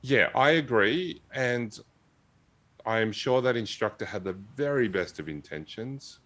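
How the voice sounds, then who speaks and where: A man, a physiotherapist guest in an interview, answering in a measured, reflective way. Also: medium pitch, animated, a bit bright.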